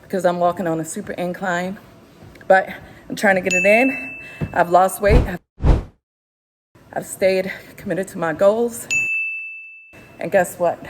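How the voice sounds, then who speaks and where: A woman's voice: medium pitch, fairly even intonation, unhurried, long pauses, music in the background, poor audio. A woman in her fifties vlogging unscripted from a gym while walking on a treadmill, a little out of breath, giving emphatic encouragement. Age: 50s. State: slightly out of breath. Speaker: YouTube channel host. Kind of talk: unscripted motivational vlog.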